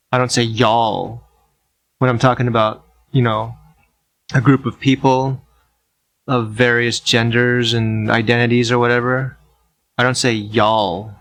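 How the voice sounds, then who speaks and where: A man's voice: medium pitch, fairly bright tone, dry recording. Blunt, rambling male podcast host. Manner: rambling, blunt and offhand, with casual swearing. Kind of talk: casual solo podcast monologue.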